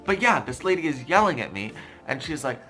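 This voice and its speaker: Young man, bright voice, animated storytelling, faint music behind. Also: medium pitch, a little fast. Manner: animated, self-mocking, exasperated. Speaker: YouTuber. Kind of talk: casual storytelling vlog.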